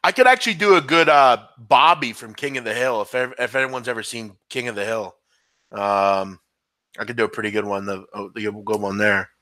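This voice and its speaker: Man, late-night sports chat host, laid-back, chuckling, bright, dry close sound. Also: medium pitch, brisk, no echo. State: voice starting to go hoarse. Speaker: fill-in host.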